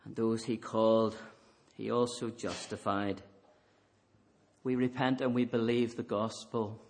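Slow, fervent preacher. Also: male voice, on the low side, flat delivery. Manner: rises to fervent emphasis, then drops to quiet intensity. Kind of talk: sermon. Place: church.

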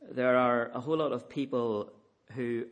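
A man preaching a sermon in a measured, earnest way, leaning on repeated refrains. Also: mid-range voice, fairly even intonation.

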